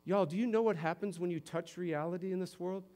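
A man from Connecticut preaching a sermon as pastor, conversational and lively, moving between quiet and emphatic stretches. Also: sits high, fairly quick. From Connecticut, USA.

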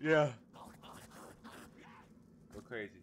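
A young man streaming a game from his home setup, joking crudely in casual banter with sudden excited outbursts into a desk mic. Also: mid-range voice, very slow, heavy background noise.

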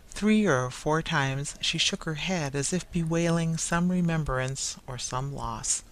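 A reader narrates a classic novel aloud at a measured pace, with an even storytelling delivery in a mid-range voice. The reading is plain and unhurried, made for learners following the text. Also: mid-range voice, slight background noise, rough recording. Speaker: audiobook narrator.

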